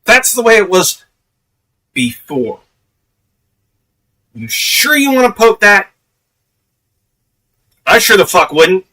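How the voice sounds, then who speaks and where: A man's voice: high voice, sing-song, slow, long pauses, sharp tone, recorded from a distance, poor audio. A man giving casual, profane commentary on a live stream, laughing often.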